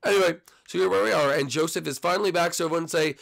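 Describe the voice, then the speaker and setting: A young man hosting his gaming channel, giving excitable, trash-talking commentary on his own play. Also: on the high side, very fast, gravelly.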